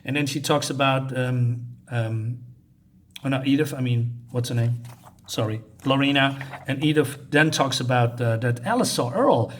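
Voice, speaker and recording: A man giving a casual comic book review, talking in a halting, chatty way with many fillers and restarts while recapping the pages. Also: mid-range voice, a little hiss or hum.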